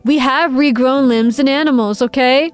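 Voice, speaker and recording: A woman's voice: high-pitched, normal speed, smooth. A woman streamer in a casual livestream chat, playful and giggly, reading viewers' messages aloud. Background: faint background music.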